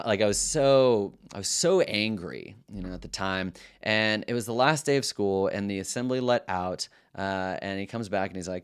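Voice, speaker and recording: A male middle school teacher shares classroom stories in a relaxed, reflective way. His voice sits on the low side, and he trips over his words and restarts them as he thinks aloud. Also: moderate pace, clean tone. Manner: earnest and reflective, loose with many restarts. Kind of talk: casual storytelling to camera.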